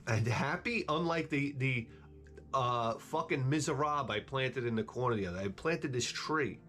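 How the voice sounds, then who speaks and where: Chatting as he plays on stream, a middle-aged man speaks at a medium pitch and moderate pace with a fairly bright tone. His talk is rambling and profane, peppered with wisecracks.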